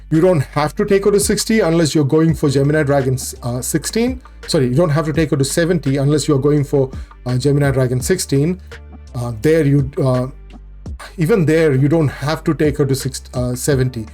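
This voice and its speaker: Male gaming host, mellow tone, rambling self-correcting guide talk over faint music. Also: mid-range voice. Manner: explanatory, repeats and corrects himself, many fillers. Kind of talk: game guide commentary.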